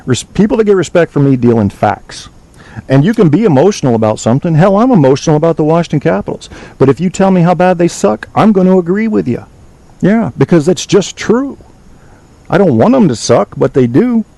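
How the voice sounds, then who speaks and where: Male podcast host, blunt and preachy, swears freely; slightly raised, mellow voice. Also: a little high, sing-song, fairly quick, no echo, poor audio. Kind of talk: opinionated call-in show monologue.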